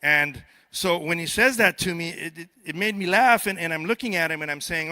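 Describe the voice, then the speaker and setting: Fairly quick and with few pauses, a man speaks in a voice on the high side, bright and forceful. He's a border patrol agent giving a conference speech at a youth summit, joking conversationally with the audience on stage and often repeating words as he begins a sentence.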